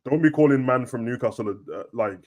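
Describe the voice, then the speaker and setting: Casting: man, mid-pitched, laid-back slangy banter, laughs a lot, co-host of a football chat. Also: fairly quick, a loud crowd. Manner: slangy, animated, laughs often.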